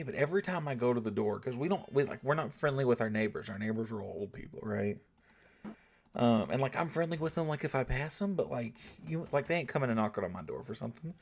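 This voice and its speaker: A man's voice: medium pitch, lively intonation, fairly quick, creaky. A young man with a Southern US accent, chatting casually with his viewers while streaming a game, joking and laid-back. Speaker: gaming streamer. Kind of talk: casual live-stream chat.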